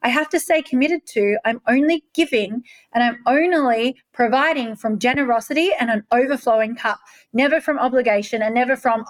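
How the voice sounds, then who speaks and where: A woman talks in a candid, emphatic manner. Her voice sits a little high. She is a coach telling a personal story and swears freely along the way. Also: brisk.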